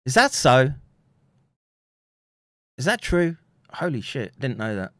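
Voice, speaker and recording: A man's voice: medium pitch, big pitch swings, slow, fairly bright tone, no room sound, studio quality. An English man hosting a casual livestream, rambling, chuckling between remarks and reading viewer comments aloud. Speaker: livestream host reading chat.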